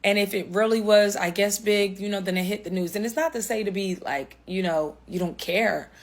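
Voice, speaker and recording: A woman speaking at a middle pitch in casual chat, sounding overwhelmed and calling listeners honey. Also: moderate pace. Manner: overwhelmed, chatty, says honey.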